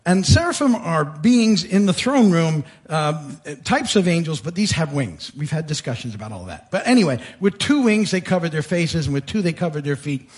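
Animated, high-voiced male preacher. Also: moderate pace, few pauses. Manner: animated storytelling, acting out voices with sudden pitch jumps; frequent fillers and repeated starts. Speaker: pastor. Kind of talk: sermon.

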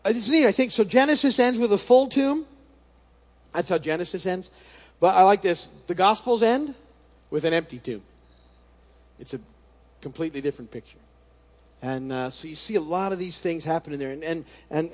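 A man teaching a casual Bible study, talking conversationally and thinking aloud with restarts, sometimes reading scripture passages aloud. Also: high voice.

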